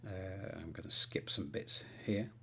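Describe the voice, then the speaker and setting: A man's voice: deep voice, a little slow, bright, forceful tone, slight background noise. A male author on a livestream, rambling with many fillers, talking about writing and then reading aloud.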